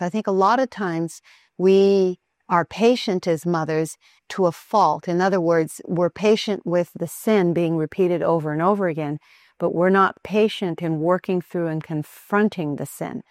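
Calm, earnest woman with a lower voice, giving a practical parenting lesson; dry, close sound. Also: normal speed, dry recording. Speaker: mother teaching parenting. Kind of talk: instructional talk on Christian child training.

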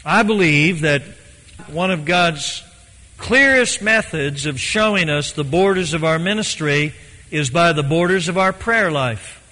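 A man preaching a sermon in an earnest, emphatic way, slowing down to stress key points. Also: on the high side, lively intonation, bright, forceful tone. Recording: long hall reverb.

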